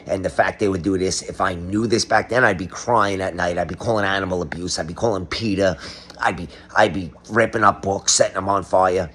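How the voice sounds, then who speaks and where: A man's voice: low voice, fairly even intonation, fairly quick, fairly bright tone. A middle-aged man doing a comedic monologue, ranting sarcastically as if exposing a conspiracy. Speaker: comedic commentator.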